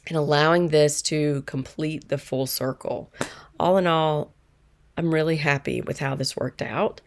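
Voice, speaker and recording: A middle-aged woman who works as a manifestation coach, telling a personal story in a calm, earnest and reflective way. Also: sits low.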